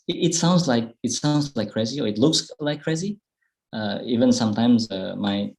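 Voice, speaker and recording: Slow-spoken Indonesian man, fairly low voice. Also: darkish tone, low-quality recording. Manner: slow, thoughtful, with many fillers and restarts. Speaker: guest speaker. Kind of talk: online public speaking talk. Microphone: video call.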